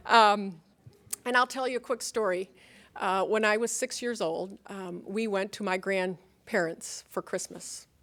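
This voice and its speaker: Midwest-accented woman college president giving a speech, earnest and rallying, mid-pitched voice, some jokes thrown in. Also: a little slow, a bit bright. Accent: Upper Midwest American. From Upper Midwest of the United States. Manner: earnest, rallying, with rhetorical questions and light humor. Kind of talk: convocation address.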